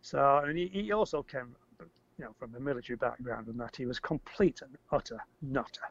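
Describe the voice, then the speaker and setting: An older man tells a story as an interview guest, rambling, repeating words and getting animated when he acts out shouting. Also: medium pitch, brisk, creaky. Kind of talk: casual storytelling. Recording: dry, slightly muffled audio.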